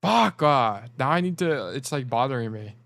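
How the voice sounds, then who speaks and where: A man of middling pitch coaches players over a casual livestream. He rambles and jokes as he goes, with plenty of swearing. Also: expressive, fairly quick. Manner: rambling, joking and profane. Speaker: game coach.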